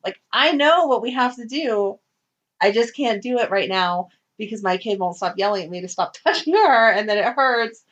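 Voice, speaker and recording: A woman in her thirties co-hosting a podcast, telling family stories in a casual, animated way with frequent laughs. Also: fairly high pitch, moderate pace. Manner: animated storyteller, laughs often. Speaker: podcast co-host. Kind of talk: casual chat. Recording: dull lo-fi audio.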